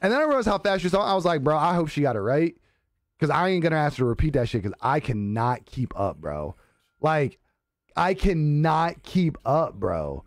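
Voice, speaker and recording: A man live streaming, telling a story in casual chat, animated and laughing often, acting out the voices he quotes. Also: fairly high pitch, brisk, dry recording, clean studio sound.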